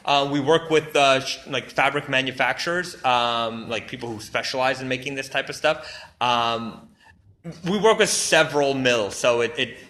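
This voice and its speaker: A man's voice: medium pitch, moderate pace, pushed and bright. A man casually walking viewers through new clothing on a live stream, enthusiastic and rambling, full of fillers and restarts. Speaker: brand representative showing new products. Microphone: phone or camera mic on a live stream.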